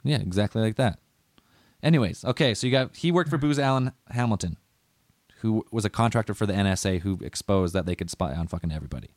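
A man's voice: lowish voice, expressive, fast talker, dry recording, studio quality. A man hosting a casual conspiracy podcast, rambling and swearing as he walks through what he read. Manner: rambling, profane, loses his notes. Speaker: podcast host.

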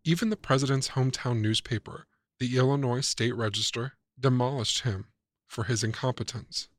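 A man narrating a scripted reflective essay as a commentator, calm, measured and persuasive. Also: medium pitch, dry recording, clean studio sound.

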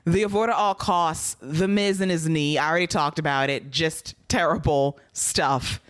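A woman hosting a casual wrestling recap podcast, talking quickly and bluntly and laughing often. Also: sits low, no echo. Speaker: podcast host.

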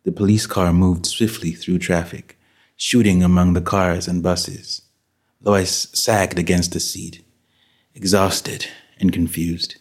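Slow, deep-voiced male narrator. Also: little pitch movement. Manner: measured, dramatic reading. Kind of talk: scripted audiobook narration.

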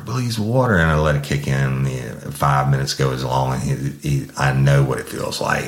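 A man's voice: a bass voice, echoey room. A man hosting a true-crime podcast, telling a story from his police career in a blunt, profane way. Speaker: podcast host, former officer.

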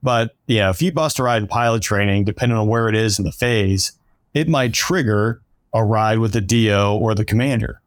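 Low-voiced man rambling a question. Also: moderate pace, dry recording, studio quality. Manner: rambling, loose questions full of fillers. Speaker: podcast host. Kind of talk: casual interview talk.

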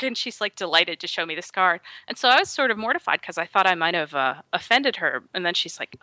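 A woman telling a story in casual podcast chat, her pitch leaping about with a bright, ringing tone. She acts out the voices of the people she quotes. The recording is close and dry. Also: lively intonation, fairly quick, no room sound.

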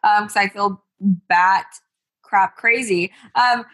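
Bright-voiced chatty woman in her thirties. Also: mid-range voice, takes it slowly. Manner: chatty, animated storytelling with many fillers. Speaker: podcast co-host, business owner. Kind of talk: casual chat.

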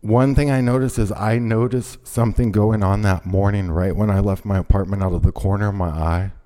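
A man telling a heated, profane story on a podcast, often shouting out what he said to people. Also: lowish voice, fairly even intonation, fairly quick. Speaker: podcast host. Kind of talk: casual chat, storytelling.

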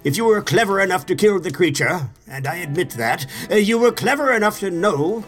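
A pompous old king, furious and sputtering, higher voice, faint music under an audio drama. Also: animated, fairly quick, a bit bright. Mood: scolding. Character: blustering angry old king, a father.

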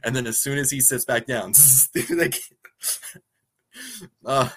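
A man co-hosting a podcast, giggling and reacting expressively while recapping a movie. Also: slow pace. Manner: giggly, expressive, jumps up in pitch when reacting. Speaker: podcast co-host. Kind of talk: casual chat recapping a movie.

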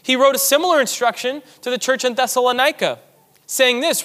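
A man's voice: very high-pitched, moderate pace, sharp tone, long reverb tail. A man preaching a sermon as pastor, reading scripture aloud and pressing his points with emphasis.

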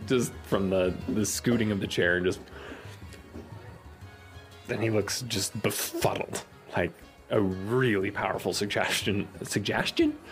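A male game master narrating a tabletop game, thinking aloud as he goes. He speaks slowly, and his pitch swings a lot. Faint music plays behind him. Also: big pitch swings.

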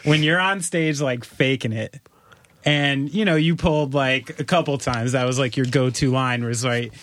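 A man's voice: medium pitch, moderate pace, fairly bright tone, slight background noise. A man, a podcast guest host, chatting casually and reacting with short interjections and follow-up questions.

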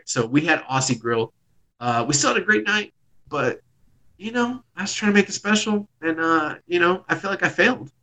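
A man's voice: a little high, animated, fairly quick, pushed and bright, rough recording. A man, hosting a podcast and casually telling a long, rambling story with plenty of swearing. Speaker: podcast host.

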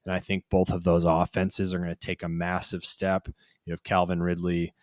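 Deep-voiced man in casual sports chat. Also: completely flat delivery, moderate pace, no room sound, clean studio sound. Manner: loose, filler-heavy, teasing. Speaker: podcast co-host. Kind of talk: casual fantasy football chat.

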